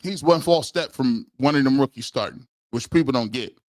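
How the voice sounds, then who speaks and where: A man's voice: medium pitch, moderate pace, dry recording, clean studio sound. A man in his forties hosting a live sports talk stream, telling comic stories and acting out the voices of the people in them. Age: 40s. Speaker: sports talk show host.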